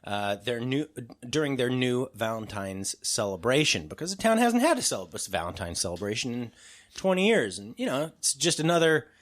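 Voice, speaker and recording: A man's voice: mid-range voice, very animated, normal speed. A man hosting a podcast in casual chat, loose and joking, with lots of fillers. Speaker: podcast host.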